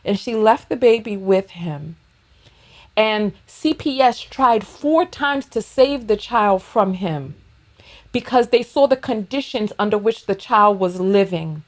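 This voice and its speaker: A woman's voice: medium pitch, lively intonation, a little slow. A woman hosting a reaction video, giving blunt, mocking, profane commentary as she takes down her braids at home.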